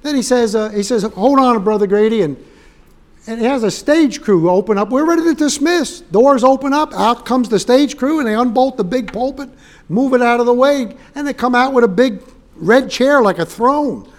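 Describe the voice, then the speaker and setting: Male guest preacher, high-pitched, storytelling sermon full of jokes and acted-out quotes. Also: animated, normal speed. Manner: humorous, acts out quoted dialogue.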